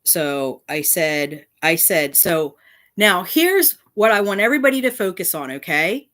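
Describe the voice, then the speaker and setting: A woman's voice: lowish voice, lively intonation, unhurried, a bit bright. A woman hosting her own channel, indignantly ranting in response to critics, reading out comments and swearing. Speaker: channel host. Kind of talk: angry response rant.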